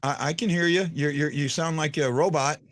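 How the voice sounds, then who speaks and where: A man's voice: a little high, steady tone, a little fast, a bit bright, no echo, clean studio sound. A man hosting a fan podcast, chatting casually and rambling with lots of restarts and fillers. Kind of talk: casual live-stream chat.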